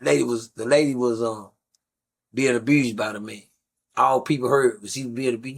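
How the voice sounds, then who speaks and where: A middle-aged man with a gravelly, creaky voice at an ordinary pitch, talking as a guest. He tells long stories in a rambling, blunt style with plenty of profanity and casual asides to his listeners. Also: fairly even intonation, normal speed. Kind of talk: casual storytelling.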